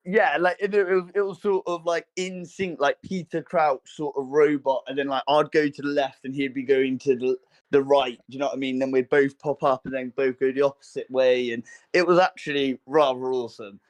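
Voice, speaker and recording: A young man co-hosting a casual podcast, telling a story with many fillers and restarts and acting out quotes in a higher voice. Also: steady tone, fairly quick. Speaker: podcast co-host. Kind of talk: casual chat.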